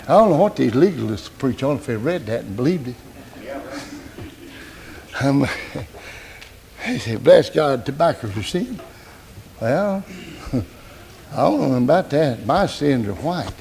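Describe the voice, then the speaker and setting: An older man preaching a sermon in a folksy way, breaking into shouts and laughing asides. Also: on the high side, vocal fry.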